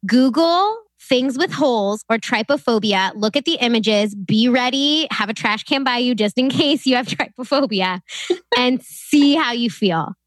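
A woman's voice: fairly high pitch, expressive, dry recording. Chatty young woman, dry close sound. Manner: chatty, laughs often, sudden fast bursts. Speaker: podcast co-host. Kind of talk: casual chat.

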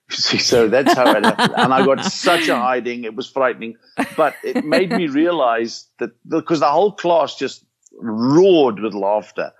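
An older man with a South African accent, a comedian telling lively anecdotes in an interview and acting out the lines he quotes. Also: mid-range voice, unhurried, slightly rough. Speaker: comedian guest. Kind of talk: storytelling interview chat. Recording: slightly dull lo-fi sound.

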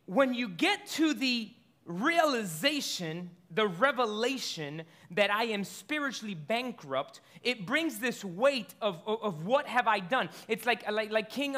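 This pastor's sermon comes in a high, bright, expressive voice. He talks to the congregation conversationally, posing rhetorical questions and tripping into quick restarts as he develops his argument.

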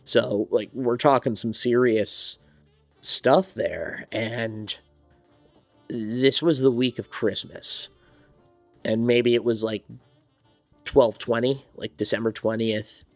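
A man's voice: medium pitch, steady tone, takes it slowly, long pauses, dry recording, soft background music. A man from New Jersey, a songwriter and studio owner, telling his story in a rambling, reflective way as an interview guest. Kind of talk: casual interview conversation.

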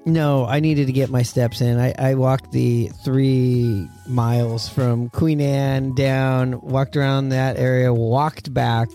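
A man's voice: medium pitch, level tone, slow, few pauses, dark tone, soft background music. A man hosting a podcast in a loose, rambling way, full of fillers and the odd curse, from a memorabilia-filled room at a friend's house. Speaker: podcast host. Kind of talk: casual podcast chat.

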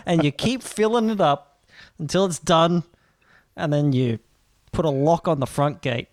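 Male podcast co-host, slightly higher voice, rambling theorizer, dry close sound. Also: measured pace, no room sound. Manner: lays out absurd theories at length with fillers. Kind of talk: casual comedic chat.

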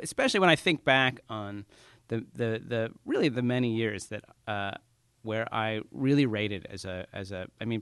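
A man being interviewed about his writing, talking casually, self-deprecating and halting with many restarts. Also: on the low side, a bit bright, no echo. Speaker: author guest.

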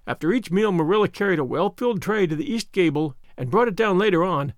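A man giving expressive, measured scripted narration of a classic novel. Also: sits high, no echo, studio quality. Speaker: audiobook narrator.

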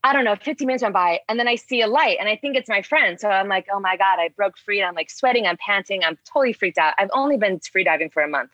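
A woman's voice: mid-range voice, quick pace, few pauses, dry recording. A woman casually telling a diving story, rambling with lots of "like" fillers and acting out what was said. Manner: rambling with many "like" fillers, animated retelling. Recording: dull dry lo-fi sound.

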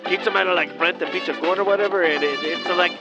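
A man's voice: high-pitched, fairly even intonation, quick pace. A man playing a laid-back weatherman, rambling with Spanish slang. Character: laid-back Mexican-American male weatherman. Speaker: weather segment presenter. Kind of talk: comic character bit. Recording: lo-fi with loud music underneath.

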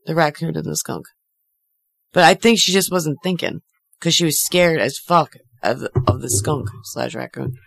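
A woman's voice: low voice, normal speed, creaky, dry recording. A woman co-hosting a casual podcast chat, telling a story with lots of fillers and laughter. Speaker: podcast co-host.

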